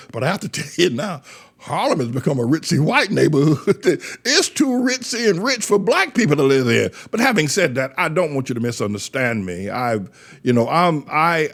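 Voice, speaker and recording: In a medium-pitched voice, an older man who is a pastor rambles bluntly through a commentary monologue. Words get repeated frequently as he hunts for what to say next.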